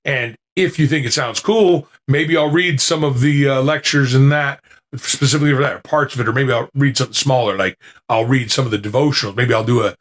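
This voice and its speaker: A man's voice: medium pitch, fairly bright tone. A man hosting a podcast, chatting casually to listeners in a rambling way, with lots of fillers and restarts, into a podcasting mic with noise reduction. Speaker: podcast host.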